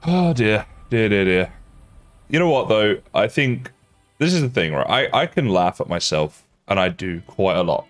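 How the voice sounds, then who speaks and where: Chatty low-voiced streamer. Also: male voice. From England. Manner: chatty, self-mocking, laughs often. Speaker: game streamer. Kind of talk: casual live-stream chat while gaming.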